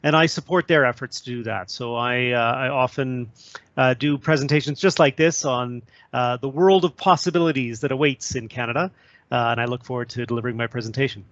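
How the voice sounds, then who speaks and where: A man's voice: medium pitch, a little fast, a bit bright, no room sound. A male trade commissioner giving a webinar presentation, hesitant with many fillers. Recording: dull lo-fi audio.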